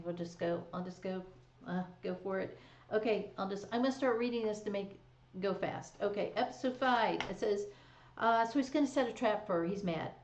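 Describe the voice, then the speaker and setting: A woman hosts a live stream in a relaxed, chatty way, with plenty of fillers and little laughs as she walks through a drama's episodes. Her voice sits at an ordinary pitch for a woman. It rings in a roomy space, and the stream audio sounds dull and lo-fi. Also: a little hiss or hum. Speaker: stream host recapping a drama. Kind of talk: casual recap chat.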